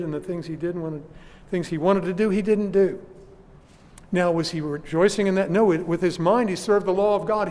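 A man's voice: high voice, a little mellow, big-room sound. A man preaching a sermon to his congregation, earnest and questioning his listeners. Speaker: pastor.

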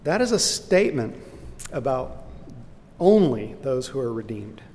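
Man leading a church Bible class, mid-pitched, earnest and explanatory, echoey hall with faint background rumble. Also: big pitch swings, unhurried, darkish tone. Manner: earnest, explanatory, with fillers and restarts. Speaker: Bible teacher. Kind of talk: Bible study lesson.

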